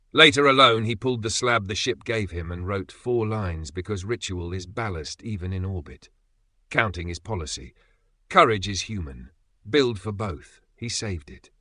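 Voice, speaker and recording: A man reading an audiobook in an even, measured narration. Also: deep voice, no room sound.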